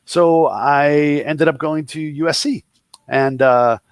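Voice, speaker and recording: A man's voice: on the high side, slow, no room sound. A man in his fifties from the Boston area with a Boston accent, telling jokey stories as an interview guest and voicing the people in them. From Boston area, USA. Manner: joking anecdotes with voiced quotes of others. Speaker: guest, entrepreneur. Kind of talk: casual interview storytelling.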